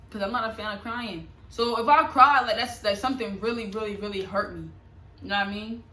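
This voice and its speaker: Young woman vlogger, casual and confiding, bright tone, echoey room. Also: mid-range voice. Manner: slangy, animated, confiding. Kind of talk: casual storytelling to camera.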